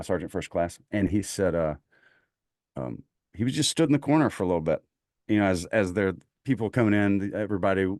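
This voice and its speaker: Recorded at studio quality with no room sound, this low-pitched man with a Southern US accent is a voice actor guesting on a podcast. In a casual chat, he animatedly recounts a war story, performing the voices of everyone he quotes.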